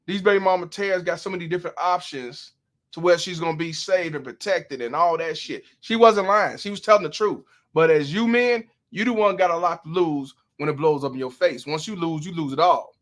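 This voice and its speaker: A man's voice: a little high, a bit bright. A man hosting a livestream, commenting on a clip in profane slang and reading out viewer donations. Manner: profane, drawn-out, preachy slang. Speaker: host.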